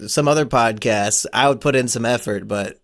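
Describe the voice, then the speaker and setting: A man's voice: mid-range voice, normal speed, fairly bright tone. Dry, teasing male podcast host. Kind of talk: casual chat.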